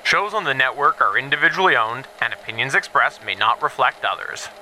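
A man's voice: medium pitch, a little fast, bright, forceful tone, a little hiss or hum, poor audio. A man reading a scripted promo for a podcast network in an upbeat announcer delivery.

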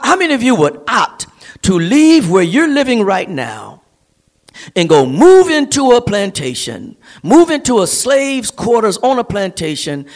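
Emphatic preacher, high lively voice. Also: male voice. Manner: emphatic preaching, rising to near-singing on key phrases; repeats and builds phrases for emphasis. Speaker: pastor. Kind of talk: sermon. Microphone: streamed service.

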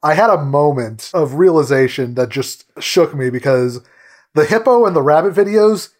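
A man co-hosting a casual podcast chat, excitable and rambling as he tells a story. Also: on the high side, normal speed. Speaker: podcast co-host.

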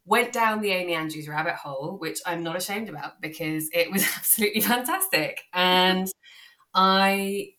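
Woman, British accent, low pitch, casual podcast chat, enthusiastic, rambling. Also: normal speed, pushed and bright. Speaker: guest author.

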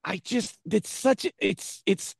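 A man's voice: high voice, slow pace, creaky, husky, no room sound, studio quality. A man co-hosting a podcast, easygoing and teasing in casual chat. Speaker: podcast co-host.

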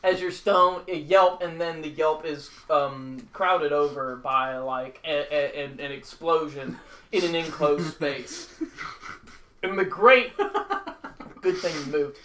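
A man's voice: on the high side, a little slow, bright, forceful tone. A man narrating a tabletop game as dungeon master, casual with lots of fillers. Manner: casual, chuckling, full of fillers. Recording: echoey room, faint noise.

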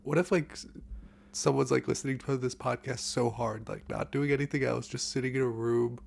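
A man's voice: mid-range voice, fairly even intonation, a little fast, vocal fry. A man in casual podcast chat, playful and joking, spinning tall tales with a straight face. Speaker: podcast guest.

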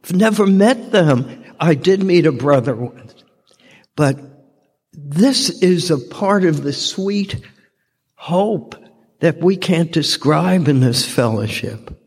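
An older man tells his story unhurriedly, with a fairly high voice and a sincere, heartfelt manner. He speaks at a recovery fellowship meeting, and a long reverb from the large hall trails each phrase. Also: expressive, slow, long pauses, a little mellow, slightly rough. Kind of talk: personal testimony talk.

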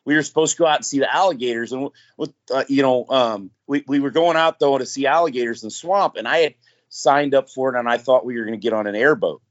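A man's voice: medium pitch, quick pace. A man in his forties telling candid, self-mocking stories in casual chat as a podcast guest. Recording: dull lo-fi podcast audio.

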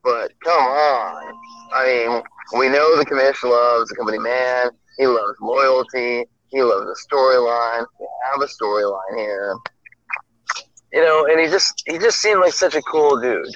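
A man's voice: medium pitch, unhurried, fairly bright tone. A man co-hosting a podcast in casual chat, rambling with lots of fillers, calling in from a noisy public place. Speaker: podcast co-host. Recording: dull lo-fi audio over a noisy crowd.

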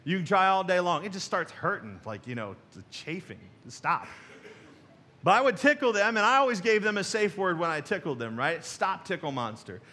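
A middle-aged pastor preaches to his congregation in a loose, folksy way, breaking into chuckles and tossing questions at the pews. His voice sits high for a man and rings bright and forward. He is heard through a stage microphone in a church sanctuary. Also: sing-song, moderate pace. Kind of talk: sermon.

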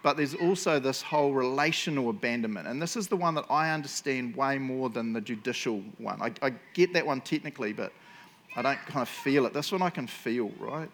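A man, neither high nor low in pitch, gives a relaxed sermon. He tells his stories in a joking, self-mocking way and keeps teasing his listeners before he turns to the point he is making. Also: fairly quick, slight background noise. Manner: jokey, self-mocking storyteller who teases the audience. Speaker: preacher. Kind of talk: casual humorous sermon.

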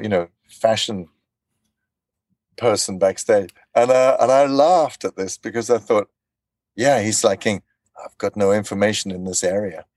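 A man being interviewed as a voice actor, telling animated stories and acting out quotes. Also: lowish voice, no room sound. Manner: animated storyteller, acts out quotes. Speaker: voice actor guest. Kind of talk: casual interview chat.

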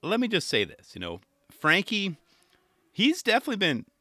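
A man hosting a podcast, rambling in an animated, jokey, slangy way. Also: high-pitched, moderate pace, no echo, clean studio sound. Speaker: podcast host. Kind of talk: casual chat.

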